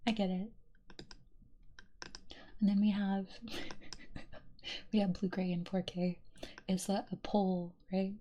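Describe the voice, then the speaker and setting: Soft mellow woman whispering asmr stream chat, lots of giggles, light typing behind. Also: mid-range voice, flat delivery, slow pace, pauses often, slight background noise. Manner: drifts between whispering and soft talk, giggles often.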